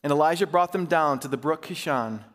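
A male pastor reading a passage of scripture aloud and pausing to explain it in plain, conversational words. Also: a little high, long reverb tail. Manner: reads scripture aloud, then stops to comment in everyday speech.

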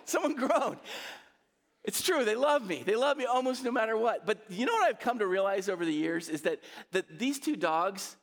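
A man's voice: high-pitched, lively intonation, fairly quick, hardly any pauses. Male pastor preaching in a reverberant hall. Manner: conversational, asks the congregation to respond. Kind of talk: sermon.

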